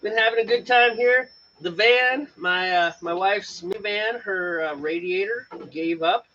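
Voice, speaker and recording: A man's voice: sits high, a little slow, bright, forceful tone. A man hosting a homebrewing video, chatting casually and joking as he rambles along. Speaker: homebrewing show host. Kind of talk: casual chat while brewing. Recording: dull lo-fi sound with faint noise.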